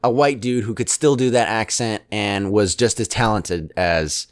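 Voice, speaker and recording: A man co-hosting a casual chat, rambling and halting with many restarts and fillers, often chuckling. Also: fairly low pitch, no echo, studio quality.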